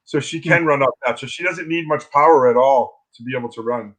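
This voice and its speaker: A man who teaches philosophy, telling stories as an interview guest on a video call, lively with many restarts. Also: mid-range voice, a little fast, poor audio. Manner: animated storytelling with restarts. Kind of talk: casual interview talk.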